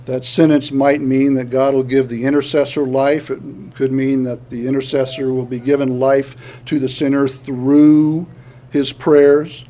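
A man's voice: medium pitch, mellow. A male pastor preaching a sermon, earnest, often restarting words and building to emphatic points.

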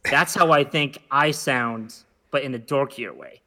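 A man's voice: mid-range voice, measured pace, sharp tone. A man co-hosting a casual podcast chat, rambling and joking playfully. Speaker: podcast co-host.

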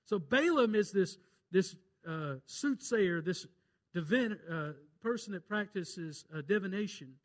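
A man with a Mississippi accent preaching a sermon, retelling a Bible story in a folksy way and swinging between loud and hushed. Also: sits high, expressive, a little slow. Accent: Southern US, Mississippi. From Mississippi, USA. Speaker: pastor.

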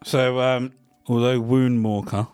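A man's voice: medium pitch, little pitch movement, takes it slowly, darkish tone, clean tone. A man co-hosting a podcast, bantering in a cheeky, joking way and laughing often. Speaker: podcast co-host. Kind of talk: casual banter.

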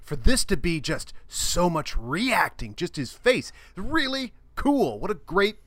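Lively, bright man with a dry sound. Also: high voice, takes it slowly, no room sound. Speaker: podcast guest. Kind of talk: casual film discussion.

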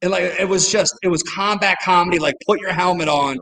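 High-voiced man telling a road story. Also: fast, in a large hall, a crowd in the background, rough recording. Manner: storytelling, many "like" fillers. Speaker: comedy producer and guest. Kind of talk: casual podcast chat.

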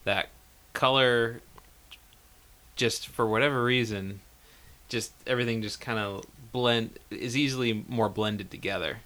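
A man co-hosting a podcast, talking about films in a hesitant, halting way and laughing often. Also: medium pitch, steady tone, sharp tone. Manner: hesitant, many fillers and restarts, laughs often. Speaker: podcast co-host. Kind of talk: casual film discussion.

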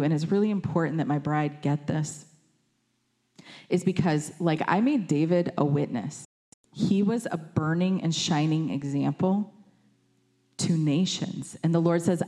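A woman preaches in a low, mellow voice. Her talk is conversational and full of fillers, and she acts out quoted lines with lively shifts in voice. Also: normal speed. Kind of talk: sermon.

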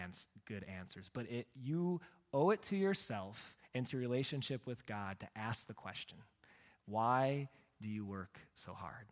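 A man preaching a sermon as a pastor, telling stories with humor and swinging between loud, emphatic lines and hushed ones. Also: mid-range voice. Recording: long hall reverb.

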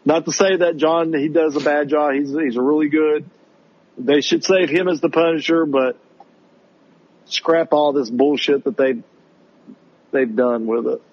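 A man co-hosting a podcast, ranting in casual chat about a show he disliked and mocking it in a high voice. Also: steady tone, a little slow, long pauses, darkish tone, highs cut off. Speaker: podcast co-host reviewing shows.

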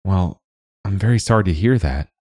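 A self-important middle-aged mayor talks in a formal, pompous tone, pitched a bit higher than a deep storyteller's own voice, as a male narrator puts him on. Under the ceremony he is anxious about his post. The sound is dry and close. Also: lively intonation, normal speed, mellow, breathy edge, no echo.

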